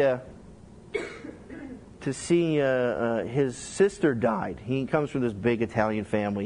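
A middle-aged man preaching as a pastor, telling lively stories and acting out the people he quotes. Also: mid-range voice, a little hiss or hum. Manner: animated storytelling, acts out quotes. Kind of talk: sermon teaching.

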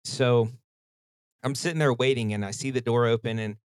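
A man's voice: mid-range voice, fairly even intonation, normal speed, dry recording. Sweary casual podcast man, dry sound. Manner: profane, rambling storytelling. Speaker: podcast host. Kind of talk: casual chat.

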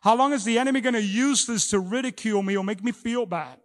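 A middle-aged man preaching a sermon as pastor, often repeating words as he talks. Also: high-pitched. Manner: halting with many repeated words. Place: church hall. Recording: long echo of a large hall.

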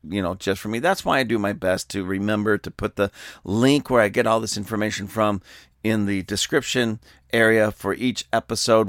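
Male podcast host, emphatic and preachy, lively storyteller with a dry, close sound. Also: lowish voice, creaky, dry recording. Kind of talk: political commentary podcast.

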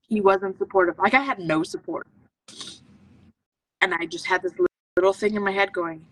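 Speaking briskly in a somewhat bright, mid-range voice with fairly even intonation, a woman guest on a podcast shares her story as a medical intuitive. She's earnest and intense, full of self-talk, and her voice comes from a distance to the mic.

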